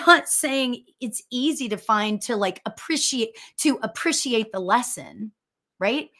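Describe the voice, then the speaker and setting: A woman, a medium hosting a spiritual discussion show, chatting in a loud voice and talking quickly as she tells a story. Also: a little high. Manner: loud, fast, storytelling with laughs. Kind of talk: casual chat.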